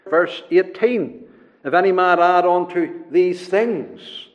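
A man preaching a sermon, slow and emphatic, repeating key words for weight. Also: high-pitched, darkish tone. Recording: dull lo-fi recording in a long-reverb hall.

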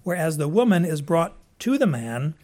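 A man's voice: on the high side, big pitch swings, normal speed, warm tone. A man preaching a conversational Bible teaching from his notes, with frequent restarts and asides.

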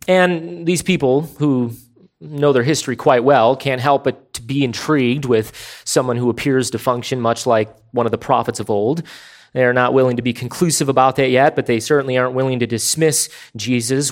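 A man preaching an expository sermon, emphatic and deliberate, slowing down to stress key words. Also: mid-range voice. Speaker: pastor.

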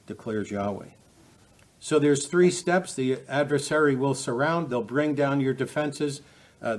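A man preaching a verse-by-verse Bible lesson, talking in a halting way with many fillers and restarts. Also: mid-range voice, a little mellow. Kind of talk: expository Bible teaching.

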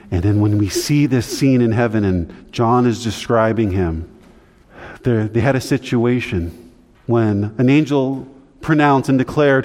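A male pastor giving a conversational teaching sermon, his voice climbing higher when he stresses a point. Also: a little mellow. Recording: long hall reverb.

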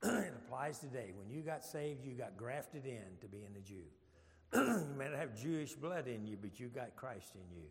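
A man's voice: mid-range voice, expressive, moderate pace, in a large hall. A man leading an informal Bible study, folksy and joking, with rambling asides.

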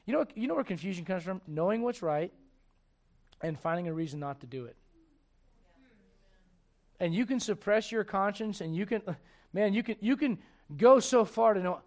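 A man preaching a sermon as pastor, animated and joking, acting out everyday voices. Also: sits high, a little fast.

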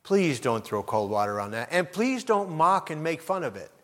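A middle-aged male pastor preaching a sermon, swinging from low, earnest talk up to loud, impassioned outbursts. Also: very animated, normal speed. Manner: preacherly, rises to loud impassioned shouts when quoting.

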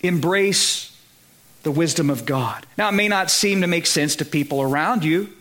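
Man, pastor, Southern US accent, high voice, conversational sermon, emphatic peaks. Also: normal speed, a bit bright. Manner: conversational preaching, checks in with listeners, rises to emphatic peaks.

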